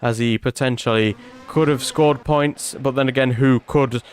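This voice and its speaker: A man's voice: medium pitch, normal speed, clean tone. A male commentator calls a racing game in a loose, chatty livestream manner. His mid-range voice stays conversational, then climbs when drama hits the track. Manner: chatty, rises excitedly at incidents, asides to chat. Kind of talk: casual livestream race commentary.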